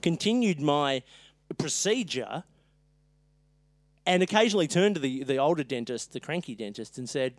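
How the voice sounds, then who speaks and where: A podcast co-host telling a story in casual chat, animated, laughing often and swearing freely. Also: mid-range voice, moderate pace, pauses often, dry recording.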